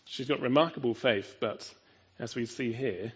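A man's voice: mid-range voice, normal speed, slightly rough, highs cut off. A man preaching a sermon in an earnest, emphatic way, often asking his listeners rhetorical questions.

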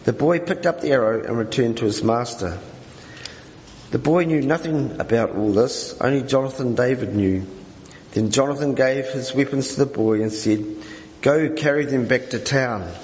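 A man reading scripture aloud during a church service, in a measured, steady way. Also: medium pitch. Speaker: scripture reader. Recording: echoey hall with faint noise.

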